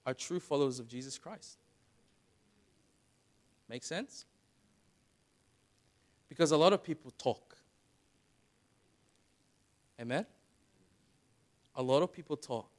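A man preaching a sermon, dropping to quiet asides and then building to loud, dramatic retellings. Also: a little high. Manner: dramatic, swings from soft asides to shouted retellings.

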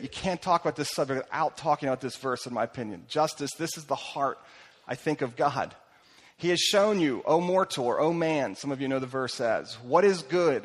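A man preaching a sermon as pastor, animated, acting out the voices he quotes and swinging between loud bursts and hushed lines. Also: a little high, big-room sound.

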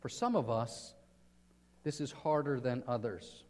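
A man's voice: medium pitch, unhurried, darkish tone. A man preaching a sermon in earnest, often putting questions to his listeners. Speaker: pastor. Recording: reverberant hall.

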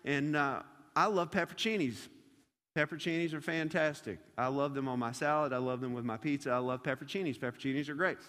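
A youth pastor with a fairly high voice for a man, preaching a sermon in a conversational, animated storytelling style. A long reverb trails after his words, as in a church hall. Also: fast.

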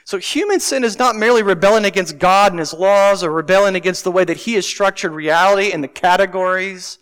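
A man's voice: high-pitched, fairly quick, a bit bright, clean tone. A man preaching a sermon in a church sanctuary, conversational and often asking the congregation questions. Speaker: pastor. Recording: long reverb of a large hall.

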